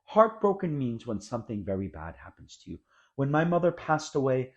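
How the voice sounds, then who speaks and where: A man teaching English expressions, explaining each word in an energetic classroom manner and acting out the example sentences. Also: mid-range voice, normal speed. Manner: animated, acts out example sentences.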